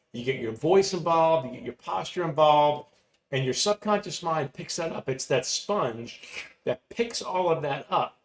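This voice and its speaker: Emphatic male coach in an echoey room. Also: on the high side. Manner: energetic, emphatic, repeats key phrases. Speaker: motivational coach. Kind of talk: live online masterclass teaching. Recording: roomy echoey room with faint ambience.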